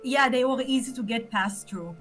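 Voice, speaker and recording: A woman's voice: fairly high pitch, normal speed, fairly bright tone, faint music behind. A brash woman who swears freely, playing her character at a tabletop game.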